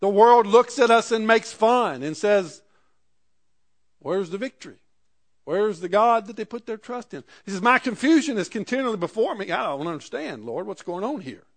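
A man's voice: high voice, animated, moderate pace. A man preaching a sermon, reading scripture aloud and explaining it in everyday words. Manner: reads scripture aloud and paraphrases it in plain speech.

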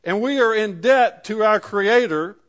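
A man's voice: sits high, unhurried, a bit bright. A man preaching a sermon in a conversational way, building to emphatic peaks. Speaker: pastor.

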